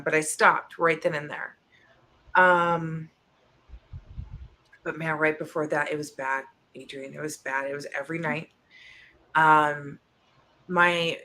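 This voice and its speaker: A woman in her thirties co-hosting a chat show, talking openly and emotionally with halting restarts. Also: low-pitched, bright, forceful tone, a little hiss or hum. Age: 30s. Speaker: co-host. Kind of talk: candid personal chat.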